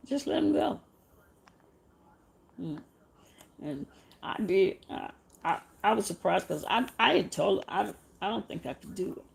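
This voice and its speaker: A middle-aged woman hosting a casual live chat, talking softly and haltingly, often repeating her words. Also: on the low side, gravelly, slightly rough. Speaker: show host.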